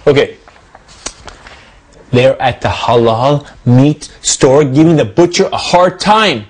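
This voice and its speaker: A man's voice: mid-range voice, slow pace, long pauses, slightly rough. A man hosting a comedy video, talking to the camera in a joking, preachy way. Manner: joking, then preachy and earnest. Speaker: host.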